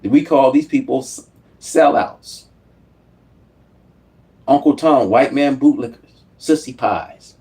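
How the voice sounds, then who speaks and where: A man's voice: mid-range voice, slow pace, long pauses, warm tone. A man giving an angry, profanity-filled political rant as a YouTube commentator, repeating himself as he goes. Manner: profane, heated, repetitive.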